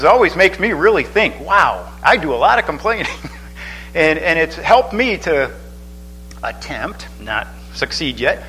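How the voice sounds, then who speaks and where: A man's voice: on the high side, bright, forceful tone, low-quality recording. A man preaching a sermon in a loose, chatty way, with many restarts and asides. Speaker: pastor.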